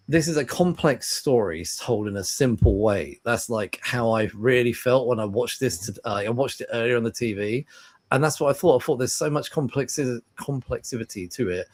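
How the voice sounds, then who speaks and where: A man co-hosting a casual film review podcast, telling lively stories, acting out both sides of conversations and swearing freely. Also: mid-range voice. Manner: animated storyteller who acts out dialogue and swears. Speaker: podcast co-host.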